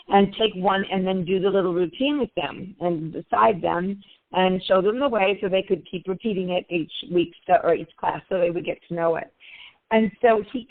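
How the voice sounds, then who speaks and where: An older woman, a grandmother, calling in to a group session and telling a long personal story in a chatty, earnest way. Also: mid-range voice. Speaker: caller. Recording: tinny phone line.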